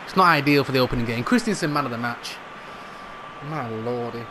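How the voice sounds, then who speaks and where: A young man commentating live on his own football video game match, excitable and jokey, swearing mildly and shouting at near misses. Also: medium pitch, a little fast, noisy background. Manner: excitable, shouts at big moments; calls players "brothers", mild swearing. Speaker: gaming YouTuber.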